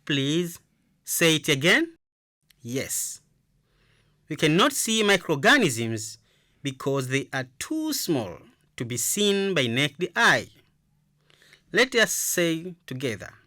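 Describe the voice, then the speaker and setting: Slow, bright-voiced radio teacher woman. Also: sits low, very animated, clean studio sound. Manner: slow, encouraging, repeats phrases for listeners to echo. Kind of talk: radio lesson for children, call and response.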